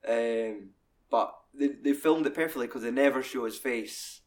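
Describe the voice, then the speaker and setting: A man's voice: mid-range voice, normal speed. Sweary Scottish man talking films. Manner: sweary, animated retelling with put-on voices. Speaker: podcast co-host. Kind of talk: casual film discussion.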